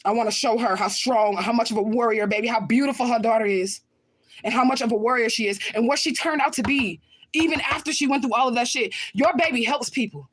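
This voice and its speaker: A woman's voice: fairly high pitch, quick pace, slightly rough. A woman livestreaming and answering viewer comments in a blunt, confrontational way, swearing often and repeating her points for emphasis. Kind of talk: casual livestream talk.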